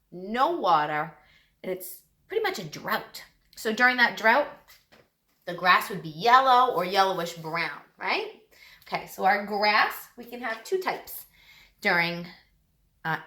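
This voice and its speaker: A woman teacher giving a lesson to young children, talking in a lively, sing-song way. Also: medium pitch, reverberant.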